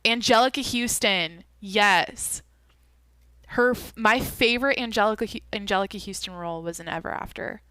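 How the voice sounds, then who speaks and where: A woman's voice: medium pitch, moderate pace, pushed and bright, smooth, no room sound. A young woman hosting a solo podcast, chatting casually and rambling as she thinks aloud and swears often. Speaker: podcast host.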